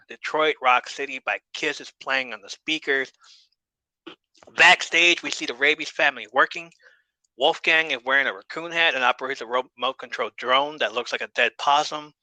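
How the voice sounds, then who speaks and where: Bright-voiced man recapping casually. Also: medium pitch, no echo, rough recording. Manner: laid-back, swears casually, laughs often. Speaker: podcast host.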